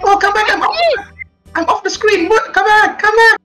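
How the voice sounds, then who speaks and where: A man voicing a cute, excitable young girl in a squealing falsetto. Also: normal speed, soft background music, full character voice. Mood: pleading.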